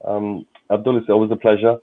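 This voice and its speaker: A man signs off from a fan livestream, courteous and prone to repeating himself. His voice is fairly low. It comes through a narrow, phone-like call line. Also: level tone, fairly quick. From London. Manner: warm, courteous sign-off, repeats words. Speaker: guest on a fan stream. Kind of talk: casual livestream chat. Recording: tinny phone-like call audio.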